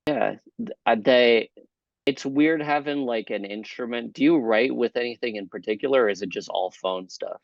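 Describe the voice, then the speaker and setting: A man's voice: medium pitch, normal speed, vocal fry, no room sound. A man, a guest comedian, riffing wryly in casual podcast chat. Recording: dull lo-fi sound.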